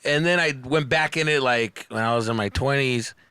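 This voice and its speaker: A man's voice: medium pitch, moderate pace, bright, forceful tone, smooth, no room sound. A man in his thirties chatting casually as a podcast guest, laughing often, swearing freely and acting out people's voices in his stories. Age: 30s. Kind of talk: casual storytelling chat.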